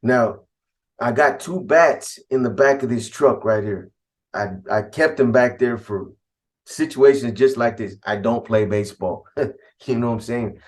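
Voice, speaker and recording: A man's voice: medium pitch, a little slow. A middle-aged Californian man tells a story from his past in a blunt, profane street voice. His tone is casual, but it heats up when he quotes what he said back then. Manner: blunt, profane street talk, animated when quoting himself.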